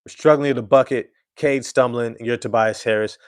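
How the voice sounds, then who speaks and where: A man's voice: medium pitch, fairly even intonation, moderate pace, clean tone, no room sound, studio quality. Emphatic man doing sports commentary. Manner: emphatic, repetitive, slangy. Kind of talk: casual live-stream sports commentary.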